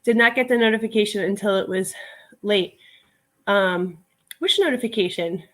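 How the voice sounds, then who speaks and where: A woman talks her way through a home live stream in a loose, rambling manner, filling gaps with easy fillers as she sorts clothes. Her voice sits at an ordinary middle pitch. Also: normal speed, fairly bright tone. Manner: chatty and rambling, with many "like" fillers. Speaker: online reseller hosting a live stream. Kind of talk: casual live-stream chat while sorting items. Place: at home, sorting a pile of clothes.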